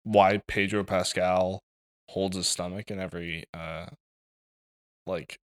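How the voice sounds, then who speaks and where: Low-voiced, swearing male podcast co-host. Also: fairly even intonation, slow pace. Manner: swears often, loose and joking. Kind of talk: casual chat.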